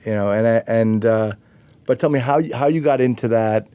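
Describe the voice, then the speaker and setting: A man's voice: medium pitch, a little fast, warm tone, smooth, dry recording. A man hosting a podcast interview, talking in a reflective way with many fillers and restarts. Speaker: podcast host. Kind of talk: conversational interview.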